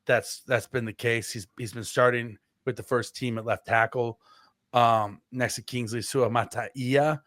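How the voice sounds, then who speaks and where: A man co-hosts a casual sports podcast, rambling along with plenty of fillers, restarts, and self-corrections. His mid-range voice has fairly even intonation, a slightly slow pace, and a fairly bright tone. The recording is dry, with clean studio sound.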